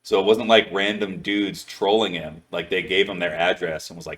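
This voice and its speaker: A man's voice: low voice, little pitch movement, normal speed, a bit bright, a little hiss or hum. A man hosting a podcast, telling a long story in casual chat, swearing a lot and filling his talk with "like". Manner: rambling, heavy swearing, many "like" fillers. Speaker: podcast host.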